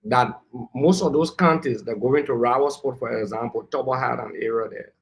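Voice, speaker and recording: A man's voice: mid-range voice, brisk, gravelly. A man, arguing heatedly as a panelist on a political talk show and lecturing the people who cut in. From Liberia. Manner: combative, lecturing, talks over interruptions.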